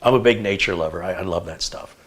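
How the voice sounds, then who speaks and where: A man's voice: sits low, quick pace. A man from the United States hosting a live tech stream, chatting casually and telling long rambling stories. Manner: rambling anecdotal storyteller.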